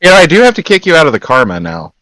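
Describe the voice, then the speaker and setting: A man playing a tabletop game, his voice swooping widely in pitch as he talks playfully. The sound is close and dry, with no room around it. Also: rapid-fire, no room sound, rough recording. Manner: animated, playful. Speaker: player. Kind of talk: casual tabletop play.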